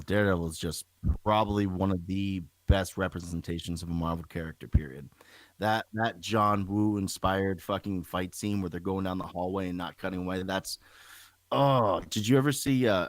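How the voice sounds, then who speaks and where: A man's voice: sits low, steady tone, normal speed, no room sound. A man in a casual podcast chat, enthusiastic and full of swearing. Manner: enthusiastic and profane, swears freely.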